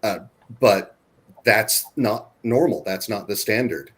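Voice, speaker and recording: Man, low voice, candid panel moderator, earnest, repeats himself for emphasis. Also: takes it slowly, fairly bright tone, breathy edge. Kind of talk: casual panel discussion.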